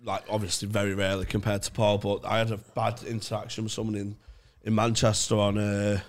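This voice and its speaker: A young man, co-hosting a comedy podcast and telling an animated story, acting out what others said. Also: fairly low pitch, fairly quick. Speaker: podcast co-host. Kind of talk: casual banter.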